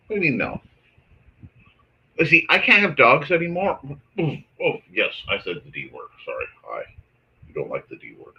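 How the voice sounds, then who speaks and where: A man hosting a casual livestream, chatting to his audience and softly talking to his cat while he draws. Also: medium pitch, huge pitch swings, normal speed, dull audio, slight background noise. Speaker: host.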